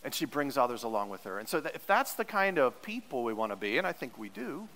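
A man's voice: medium pitch, sing-song, fast talker, a bit bright, in a large hall, low-quality recording. A male pastor preaching a sermon in an earnest, teacherly way, leaning hard on repeated words for emphasis.

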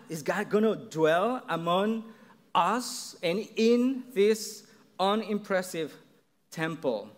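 A man preaching a sermon, speaking in a halting way with frequent restarts and fillers. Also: fairly high pitch. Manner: slow, halting delivery with repeated restarts and fillers.

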